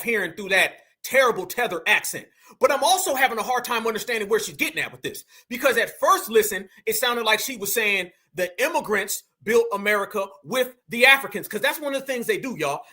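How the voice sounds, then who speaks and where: Man, very high voice, sharp bright tone, heated commentary, keeps calling out to viewers. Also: husky. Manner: emphatic, repeats points, keeps addressing the audience as fam and y'all. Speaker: commentary channel host.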